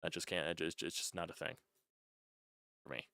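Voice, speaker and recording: A young man vents in a loose, frustrated fan rant, restarting words and swearing as he goes. His voice sits very low. The recording is dry and close, with no room echo. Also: steady tone, normal speed, gravelly, bright, forceful tone. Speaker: sports channel host.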